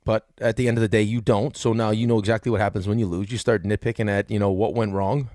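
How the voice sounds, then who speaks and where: A man's voice: on the low side, fairly even intonation, darkish tone, no room sound, studio quality. A man with a New York accent hosting sports radio, rambling through casual sports talk with lots of fillers. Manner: rapid, rambling with many fillers.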